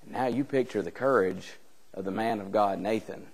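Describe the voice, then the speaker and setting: A man's voice: lowish voice, normal speed. A male preacher giving a conversational Bible class, retelling a scripture story with rhetorical questions and reading old-style scripture aloud. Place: church hall. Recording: long church hall reverb.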